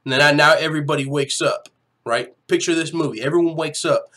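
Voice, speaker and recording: A man hosting an MMA live-stream chat, talking casually and profanely, swinging from low mumbling to loud shouting. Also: fast talker.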